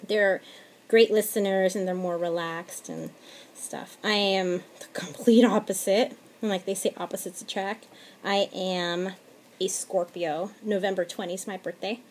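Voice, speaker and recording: A woman in her thirties, a mother, rambling casually through a craft tutorial at home at night, laughing often and dropping into quiet asides. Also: mid-range voice, steady tone, a little slow, slight background noise. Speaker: crafting vlogger. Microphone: tablet camera.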